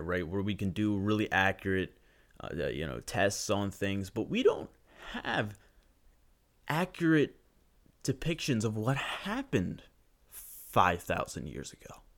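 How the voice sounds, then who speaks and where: A man's voice: on the low side, fairly bright tone. A young man ranting profanely and sarcastically through a solo podcast monologue.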